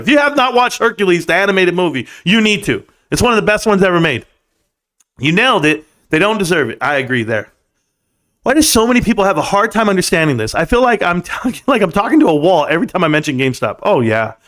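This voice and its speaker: Male stream host with a slightly high voice, animated and scornful, chatting casually with viewers. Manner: animated, ranting, mocking. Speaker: livestream host. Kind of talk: casual livestream chat reading comments.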